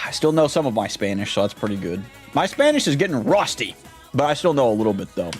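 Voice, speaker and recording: A man's voice: medium pitch, wildly swooping pitch, quick pace, soft background music. A young man chatting casually on a stream, rambling and trying out silly voices.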